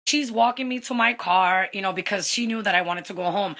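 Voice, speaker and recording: A young woman casually telling a story, animated, slipping Spanish phrases in among many "like" fillers. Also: medium pitch, a little fast, few pauses. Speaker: vlogger.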